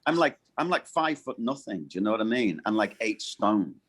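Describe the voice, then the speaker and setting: Gravelly low-voiced man, halting speech. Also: big pitch swings, a bit bright. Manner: halting, many restarts and fillers. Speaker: voice actor guest. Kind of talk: casual interview chat.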